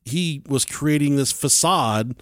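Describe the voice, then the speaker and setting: A man hosting a podcast, telling a true-crime story in casual chat, animated and swearing freely. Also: mid-range voice, takes it slowly, no room sound, clean studio sound. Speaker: podcast host.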